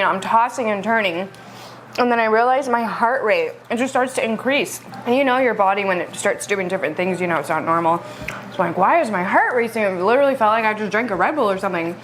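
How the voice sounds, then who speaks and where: Fast-talking young woman vlogger. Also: medium pitch, slight background noise. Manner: chatty, animated, laughs between bites. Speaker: vlog co-host. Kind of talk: casual storytelling to camera.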